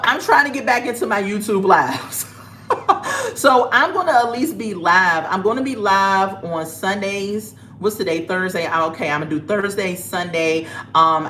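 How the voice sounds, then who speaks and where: Chatty woman selling jewelry on a livestream. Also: lowish voice. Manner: animated, chatty storytelling. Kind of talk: casual livestream chat. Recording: roomy echo, faint background noise.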